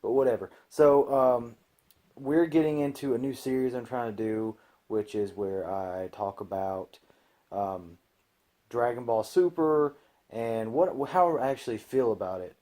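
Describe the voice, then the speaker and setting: A young man hosting a casual anime commentary, rambling with many fillers and growing loudly exasperated. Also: medium pitch, unhurried.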